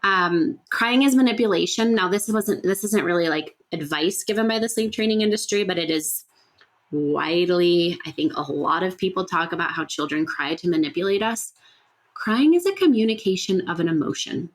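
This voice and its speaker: A woman's voice: lowish voice, animated, moderate pace. A woman hosting a solo podcast, talking earnestly and conversationally, thinking aloud with fillers and rhetorical "right?" checks. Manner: earnest, explanatory. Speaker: podcast host. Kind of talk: casual solo podcast talk.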